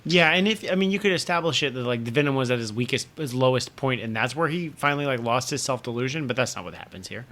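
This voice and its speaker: Emphatic man with a bright voice. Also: medium pitch, animated, fast talker, few pauses. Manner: critical, emphatic complaints. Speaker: podcast co-host. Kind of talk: casual comics discussion.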